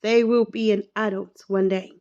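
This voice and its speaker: A woman hosting a podcast delivers a slow, reflective, emotional monologue, close to tears and repeating herself as she searches for words. Her warm, medium-pitched voice shows little pitch movement, and the audio sounds dull.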